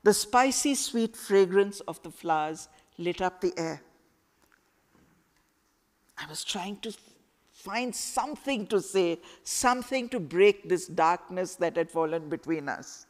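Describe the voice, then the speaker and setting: A woman author reading a passage of her novel aloud to a school audience in slow, expressive storytelling. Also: on the low side. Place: school event hall. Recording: echoey hall with long reverb.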